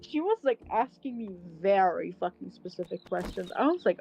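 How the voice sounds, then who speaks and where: A young woman livestreamer telling a story in casual chat, animated, swearing often and laughing. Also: mid-range voice, moderate pace, gravelly, soft background music.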